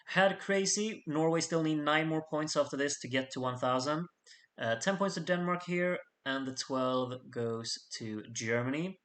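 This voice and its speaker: A man's voice: medium pitch, a bit bright. A man in a mid-range voice runs through a fan contest's votes, country by country. He keeps things loose and chatty, teasing the voters and joking with his audience between the points. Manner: chatty, jokey asides to the audience. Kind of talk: casual live voting commentary.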